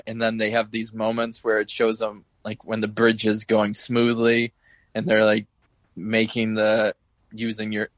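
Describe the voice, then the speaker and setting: A man's voice: on the low side, dry recording. A man co-hosting a podcast, describing film moments in an easygoing way. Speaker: podcast co-host. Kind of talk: casual film discussion. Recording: dull lo-fi dry sound.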